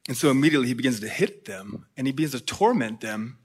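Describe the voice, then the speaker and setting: A man's voice: mid-range voice, expressive, fast, slightly rough. A man preaching a sermon in a conversational way, often checking in with his listeners.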